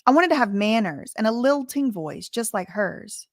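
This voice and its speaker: A woman's voice: a little high, animated, moderate pace, dry recording, studio quality. A woman reading a memoir aloud and breaking off into casual spoken asides. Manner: reads passages then breaks off into chatty asides.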